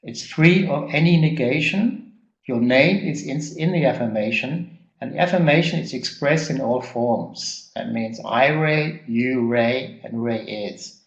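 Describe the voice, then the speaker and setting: A man leading a personal growth workshop, speaking haltingly with repeated words and frequent ums. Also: mid-range voice, dull audio. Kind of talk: live workshop teaching. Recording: echoey room.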